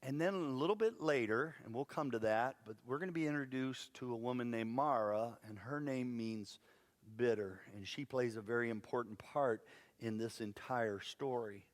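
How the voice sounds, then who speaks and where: A man preaching a sermon, telling a Bible story in a lively way with playful asides. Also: medium pitch, normal speed, in a large hall. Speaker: pastor. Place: church sanctuary.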